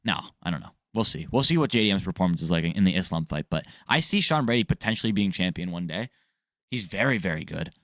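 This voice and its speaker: A man's voice: low voice, lively intonation, fast talker, fairly bright tone, no echo, studio quality. A man hosting a sports news vlog, ranting casually in a blunt, jokey, profane way. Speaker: MMA news vlogger.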